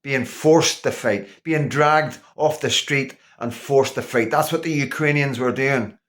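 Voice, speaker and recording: A man's voice: mid-range voice, unhurried, fairly bright tone. A man vlogging an indignant, sarcastic political rant, repeating himself for emphasis. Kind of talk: ranting political monologue.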